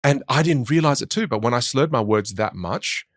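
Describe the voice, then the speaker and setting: A man with an Australian accent, a speech coach talking in a podcast interview with quick, emphatic storytelling. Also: medium pitch, lively intonation, dry recording, studio quality.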